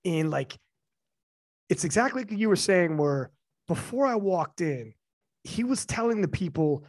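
A man's voice: high-pitched, animated, a little slow, no room sound, clean studio sound. A man in his forties, talking candidly and with emotion in a casual chat, swearing often.

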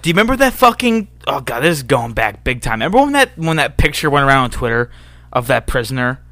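Bright-voiced man in casual chat. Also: mid-range voice, big pitch swings, fast, no room sound. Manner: swears a lot, says dude and bro. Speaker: podcast co-host.

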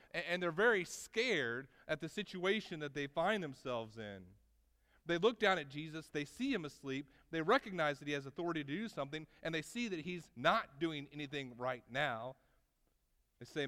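A man's voice: fairly high pitch, normal speed. Man preaching in a reverberant hall. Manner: preaching with wide swings between loud emphasis and quiet asides. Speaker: pastor. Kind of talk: sermon.

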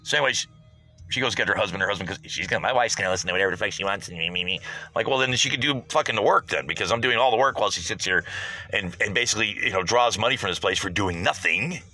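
A man hosting his own low-budget podcast, ranting bluntly and profanely in a rambling, casual way. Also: lively intonation, fast talker, bright, forceful tone. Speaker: podcast host. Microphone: home podcast setup.

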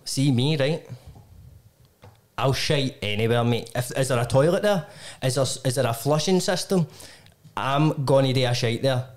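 A man's voice: mid-range voice, moderate pace. A young Scottish man, a podcast host, rambling and swearing through casual banter and laughing often.

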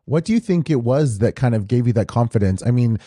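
A man hosts a podcast in a mellow, relaxed voice at a middle pitch. He asks long, loosely worded questions, padded with fillers. The recording is dry and close. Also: quick pace, husky, dry recording. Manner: warm, rambling questions with many fillers. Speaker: podcast host. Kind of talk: casual interview.

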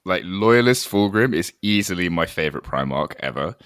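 A man's voice: deep voice, lively intonation, normal speed, fairly bright tone, smooth, no room sound, studio quality. A man chatting casually and enthusiastically as a podcast guest. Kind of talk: casual chat.

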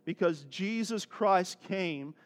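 A man preaching a sermon as pastor, telling stories in a lively, conversational way and laughing often. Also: high voice, slow pace. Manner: animated storytelling preacher, acting out voices.

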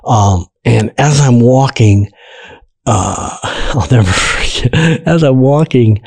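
A man telling his life story in a casual interview, animated and acting out the voices of people in it, laughing often. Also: medium pitch, slow pace, creaky, breathy edge. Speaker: guest telling his testimony.

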